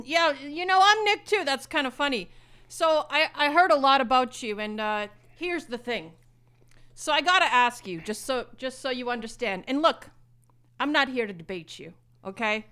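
A woman's voice: high voice, lively intonation, moderate pace, bright, forceful tone. A woman doing a comic impression of a brash male poker-show host who rambles in circles, curses, coughs and plugs himself. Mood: rambling. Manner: repetitive, circling, never getting to the point; crude, self-promoting, coughing and clearing throat.

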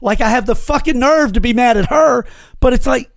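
A man's voice: extremely high pitch, a little fast, vocal fry, dry recording. A man co-hosting a podcast, telling a story in casual chat with lots of swearing. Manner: animated storytelling, heavy swearing. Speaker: podcast co-host.

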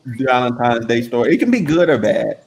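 A man's voice: mid-range voice, lively intonation, normal speed, a little hiss or hum. A man co-hosting a casual podcast chat, slangy and emphatic, often repeating himself.

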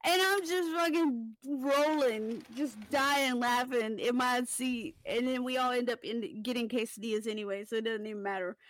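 A woman with a fairly high voice tells casual stories on a podcast, animated and profane, laughing often. Her voice sits close and dry on the mic. She talks like she is chatting with friends. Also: moderate pace, few pauses, no echo. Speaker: podcast host. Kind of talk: casual storytelling chat.

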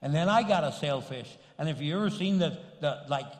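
A middle-aged man, a pastor, telling a story in a sermon with lively delivery and Spanish interjections. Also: a little high, fairly quick. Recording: long hall reverb.

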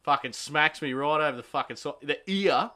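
A man's voice: on the high side, moderate pace, crowd noise. A young Australian man telling a rowdy pub story in casual chat, swearing heavily and acting out the lines he quotes. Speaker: podcast host.

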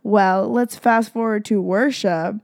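A woman's voice: mid-range voice, fairly even intonation, slow, darkish tone, no room sound, studio quality. A young woman hosting a podcast, chatting in a gushing, rambling way full of "like" and "freaking". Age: young adult. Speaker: podcast host. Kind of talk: casual confessional chat.

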